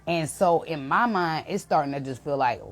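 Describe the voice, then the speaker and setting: A young woman, an intuitive reader, telling an emotional story to her viewers in a casual, animated way. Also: low-pitched, normal speed, soft background music.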